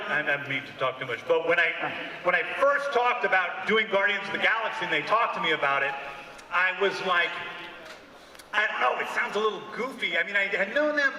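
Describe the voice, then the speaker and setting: A man's voice: sits high, bright, forceful tone, a little hiss or hum. A man telling a reflective story as a film director on a convention panel stage. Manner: musing, measured. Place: large convention hall stage. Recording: roomy hall with long reverb, distant mic.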